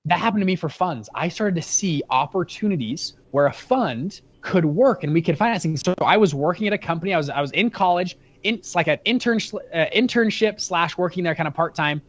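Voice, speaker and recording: A young man in his twenties, an interview guest, telling a story energetically, with many quick restarts. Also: on the high side, highs cut off. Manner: energetic, fast-talking storyteller with frequent restarts. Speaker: guest, fund founder.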